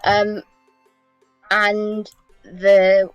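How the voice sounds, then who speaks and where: Woman, tabletop player, lively and playful, mid-pitched voice with faint music behind. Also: drawn-out words, highs cut off. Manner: animated, breaks into playful character bits. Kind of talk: casual tabletop role-play chat.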